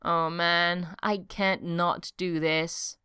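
A woman reading a brash, excitable man in an audiobook, blurting his lines a little higher than her narration. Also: drawn-out words, clear, resonant tone, no echo, clean studio sound, exaggerated voice. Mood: excited.

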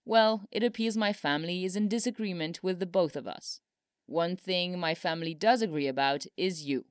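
A woman's voice: lowish voice, moderate pace, smooth, no room sound, close to an everyday voice. A woman voicing a dry-humored older male president, speaking solemnly with a wry edge, in a storybook reading.

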